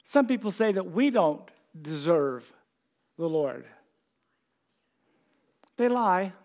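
A high-pitched man preaching to his church congregation. He talks in a loose, conversational way and keeps asking his listeners questions as he goes. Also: expressive, takes it slowly, darkish tone. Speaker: pastor. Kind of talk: sermon.

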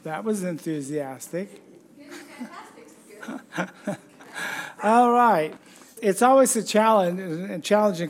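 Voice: medium pitch, a little mellow. A pastor giving a conversational sermon, chatty and joking, putting questions to the congregation.

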